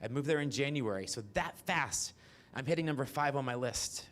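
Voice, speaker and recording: A man in his forties tells stories on a theater stage, brash and profane, his voice jumping into high squeals at the big moments. His pitch sits in a middle range, neither deep nor high. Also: moderate pace, a bit bright. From American South. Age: 40s. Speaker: stand-up storyteller. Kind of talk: stand-up comedy storytelling.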